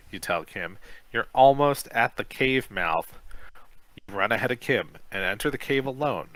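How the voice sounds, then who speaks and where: Male podcast reader, lively with asides; bright tone, very dry close sound. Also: on the low side, moderate pace, no echo, rough recording. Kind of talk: reading a kids' adventure book aloud.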